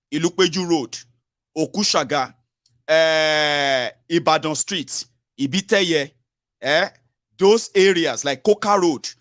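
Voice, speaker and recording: A man's voice: fairly high pitch, fairly bright tone, no echo, studio quality. A man with a Nigerian accent hosting a political call-in show, talking urgently and repeating himself, with lots of fillers and tag words. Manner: urgent, repetitive, fillers and tags like "oh" and "sure you get". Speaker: talk show host.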